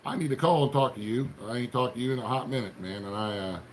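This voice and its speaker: A middle-aged livestream host speaks fast in a medium-pitched voice, folksy and rambling as he greets viewers by name. He's from Appalachian Ohio and has an Appalachian accent, and there's a little hiss or hum in the recording.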